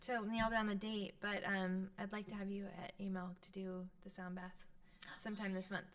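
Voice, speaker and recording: A woman's voice: mid-range voice, little pitch movement, moderate pace. A woman chatting casually as a guest, thoughtful and easygoing. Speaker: co-host guest. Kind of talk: casual conversation.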